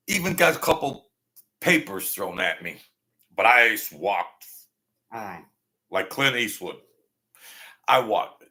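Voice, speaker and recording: A man's voice: on the low side, very animated, slow pace, long pauses, bright, forceful tone. A man hosting a live talk show from a small home studio setup. He tells a rambling story, repeats himself, and thanks viewers by name.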